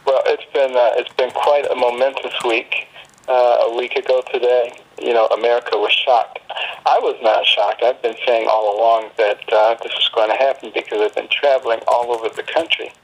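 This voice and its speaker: A middle-aged man speaking as a guest on a call, giving political commentary in a measured way with frequent fillers and restarts. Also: mid-range voice, little pitch movement, husky, highs cut off.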